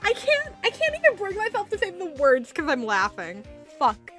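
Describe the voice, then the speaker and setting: This streamer's voice is very high-pitched and her pace is normal, with soft music playing behind her. She's a young woman chatting casually over a game, animated and self-deprecating, and she swears and laughs a lot as she comments.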